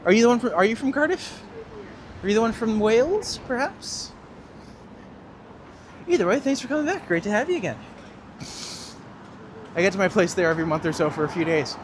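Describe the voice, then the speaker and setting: A man's voice: high-pitched, big pitch swings, fairly quick, pauses often, background noise. A man hosting a live walking-tour stream outdoors, chatting and joking with viewers as he walks. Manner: chatty and jokey, answering live chat while walking. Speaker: walking tour guide and livestream host. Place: outdoors on city streets.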